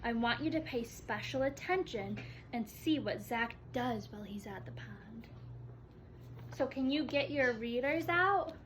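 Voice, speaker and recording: A woman teaching kindergarten, reading a story aloud in a slow, exaggerated sing-song way and gently encouraging the children. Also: on the high side, lively intonation, background noise.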